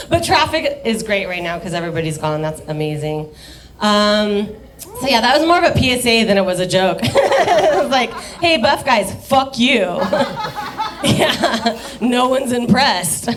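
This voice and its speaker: Young woman, stand-up comic, slightly high voice, rambling, swears a lot, giggles at her own jokes. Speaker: stand-up comedian. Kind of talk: stand-up comedy set. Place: dive bar comedy stage.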